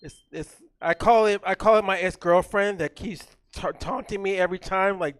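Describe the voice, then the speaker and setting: A man hosting a comedy show on a theater stage, loud and hyped, working the crowd with animated banter into a stage mic. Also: high-pitched, normal speed, hardly any pauses, dry recording.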